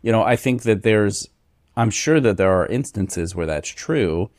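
A man hosting a podcast in a relaxed, agreeable, casual chat. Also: lowish voice, a little slow, no room sound, clean studio sound. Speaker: podcast host.

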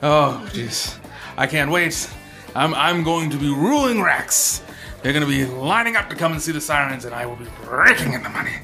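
A man voicing a drunk male tavern patron who cheers and brags loudly about the money he will make. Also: a little high, expressive, moderate pace, soft background music. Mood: gloating. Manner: boastful cheering.

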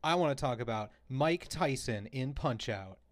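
Male co-host, animated storyteller, laughs a lot, mid-range voice. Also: medium pitch, moderate pace. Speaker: podcast co-host. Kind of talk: casual chat.

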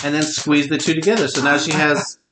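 A man's voice: fairly high pitch, level tone, a little fast, background noise. A middle-aged man hosting a podcast and telling a long story in a casual, profane, teasing way. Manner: profane, teasing, talks to his listener directly. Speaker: podcast host.

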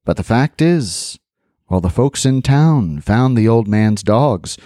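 A man hosting a podcast, reading a folk tale aloud with animated storytelling and chatty asides. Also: medium pitch, unhurried, no echo, clean studio sound.

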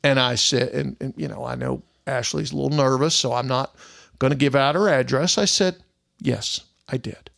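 A man's voice: medium pitch, fairly quick, creaky, fairly bright tone. A middle-aged man, a private investigator telling an indignant story in a casual monologue and acting out the other people's lines.

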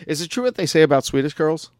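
A man's voice: on the high side, expressive, brisk, a crowd in the background. A man hosting a casual radio chat, joking and laughing often. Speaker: podcast host.

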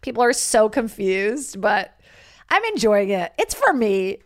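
A woman in her thirties, a comic and podcast host, telling stories in a brash, animated way and acting out voices. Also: mid-range voice, a little slow. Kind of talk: casual storytelling monologue.

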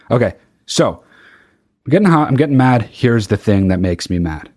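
A solo podcast host with a lowish, slightly mellow voice rants heatedly and profanely, often restarting his sentences. He records in a very hot space.

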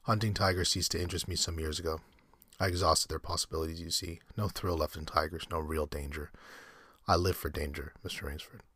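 A courteous aristocratic general, read by a man, who speaks slowly with quiet menace. His voice sits very low and slightly husky in a dry, close sound. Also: steady tone, no room sound. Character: suave aristocratic middle-aged male hunter general.

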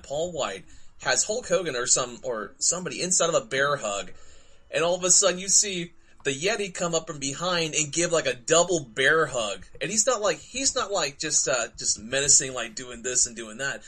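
A man co-hosting a podcast, recounting a story in an animated, amused way. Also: fairly high pitch, husky. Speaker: podcast co-host. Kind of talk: casual chat.

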